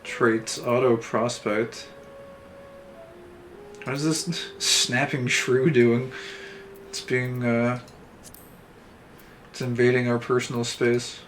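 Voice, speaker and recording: A man's voice: medium pitch, level tone, takes it slowly, long pauses, a bit bright, slight background noise. Dry, sarcastic man streaming a game. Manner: dry, self-described heavily sarcastic, thinks aloud. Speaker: streamer playing an online game. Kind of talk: casual let's-play commentary, reading game text aloud. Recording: faint game music underneath.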